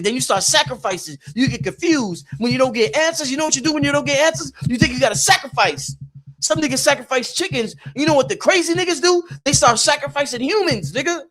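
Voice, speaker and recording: Man with a very high voice. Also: fairly bright tone. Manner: emphatic, repetitive, preachy, profane. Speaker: podcast host. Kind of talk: motivational spiritual talk.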